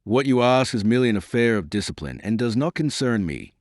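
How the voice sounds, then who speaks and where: A man reading the lines of a haughty, disdainful queen in an audiobook, in a lively voice. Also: medium pitch, fairly quick, no room sound, clean studio sound, lightly acted. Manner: disdainful, imperious. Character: haughty proud queen, a grown woman.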